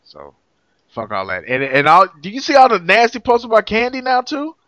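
A man's voice: sits high, fairly quick, no room sound. A man from Missouri, a podcast co-host, telling profane stories in a casual chat. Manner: animated profane storytelling.

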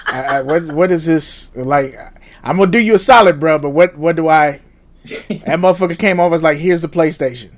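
High-voiced profane middle-aged man. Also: a little fast. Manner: profane, animated storytelling with laughs. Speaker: podcast co-host. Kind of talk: casual uncensored chat.

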